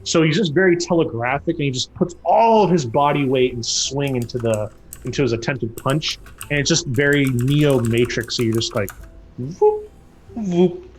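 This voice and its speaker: A man narrating a tabletop game as game master, who breaks into loud, high voices for the characters. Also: moderate pace, slight background noise. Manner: lively, acts out characters with loud jumps in pitch.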